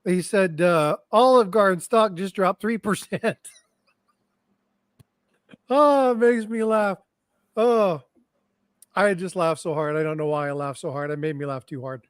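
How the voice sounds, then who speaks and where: A man hosts a live stream chat, laughing easily and reacting to comments as they come in. His voice sits a little high and he speaks slowly, recorded close and dry with no room sound. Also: clean tone, no echo. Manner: giggly, laughs often, reads chat comments.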